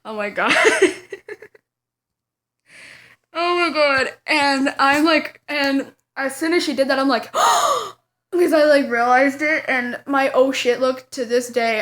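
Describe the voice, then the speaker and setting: Giggly, high-voiced young woman. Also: moderate pace, fairly bright tone. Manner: giggly, dramatic, breaks into laughing. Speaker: vlogger. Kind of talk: storytime vlog. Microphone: camera.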